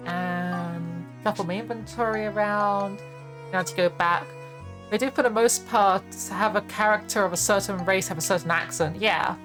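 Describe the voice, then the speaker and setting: Young girl streaming a game, rambly, lots of likes and ums, music low in back. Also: moderate pace. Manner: rambling, many fillers and laughs. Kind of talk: casual gaming stream chat. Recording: faint music behind voice.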